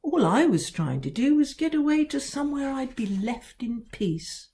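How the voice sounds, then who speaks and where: This author performs her own kids' book with a wry, sly first-person delivery, pausing for drama. She speaks in a high, mellow, sing-song voice.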